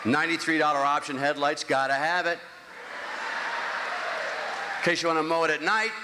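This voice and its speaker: A man in his sixties doing a stand-up comedy routine on a theater stage, ranting animatedly and swinging between grumbling and squeaky outbursts. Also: steady tone, moderate pace. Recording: echoey hall, clear crowd noise. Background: audience.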